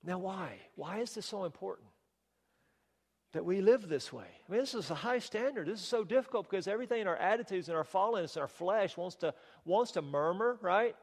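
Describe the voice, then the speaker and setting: A man's voice: high voice, animated, fairly quick, husky. A man preaching a sermon as pastor, emphatic and rhetorical, with touches of wry humor. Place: church sanctuary. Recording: long reverb of a church hall.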